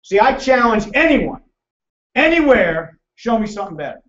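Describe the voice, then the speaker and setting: A man presenting a financial seminar to a live audience, loud, emphatic and hectoring as he teases the crowd. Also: sits high, sing-song, moderate pace. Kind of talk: motivational seminar lecture. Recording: echoey, distant, dull room recording.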